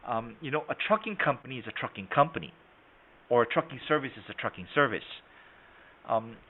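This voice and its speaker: A man's voice: medium pitch, animated, a little fast. A man teaching sales in an online webinar, hesitant with many fillers, then stressing his points. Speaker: sales trainer. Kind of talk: webinar lesson. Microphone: video call. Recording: tinny phone-like line.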